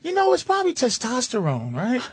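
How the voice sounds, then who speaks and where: A man's voice: very high voice, huge pitch swings, a little fast, breathy edge, exaggerated voice. A man quoting a cheerful, frank middle-aged woman in a chatty, matter-of-fact voice. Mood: breezy.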